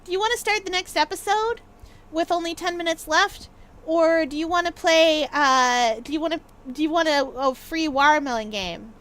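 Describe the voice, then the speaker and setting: A woman's voice: very high voice, moderate pace, fairly bright tone. A woman streaming a game and chatting playfully with her viewers, with lots of ums and laughs. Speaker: gaming streamer. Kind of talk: casual chat while live streaming a game.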